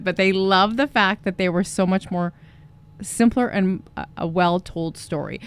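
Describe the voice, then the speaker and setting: Woman, 40s, podcast co-host, chatty, agreeable, smooth clear voice. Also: mid-range voice, normal speed. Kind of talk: casual conversational podcast.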